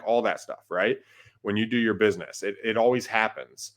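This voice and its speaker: Male podcast co-host, lower voice, loose conversational delivery full of "right?" check-ins. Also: moderate pace. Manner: conversational, peppers talk with "right?" and "like". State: has the hiccups. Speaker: podcast co-host, wholesaling investor. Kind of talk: casual podcast advice.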